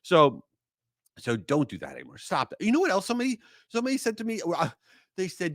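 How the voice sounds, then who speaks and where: A man hosting his own podcast, telling stories in a casual, animated monologue that climbs high when he gets excited. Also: fast talker, no room sound, clean studio sound. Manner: animated storyteller, rises high for excited bits. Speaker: podcast host.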